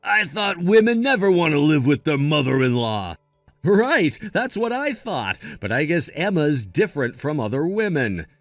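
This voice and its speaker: A man's voice: on the high side, big pitch swings, normal speed, dry recording, soft background music. Blunt man reading a text story. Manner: blunt, scolding tone. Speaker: narrator voicing text chat. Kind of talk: read-aloud text-message story.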